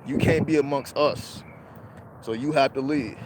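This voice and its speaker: A man's voice: medium pitch, fairly even intonation, a little slow, heavy background noise. A man hosting a livestream, telling a personal spiritual story in casual, profane street slang. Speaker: livestream host.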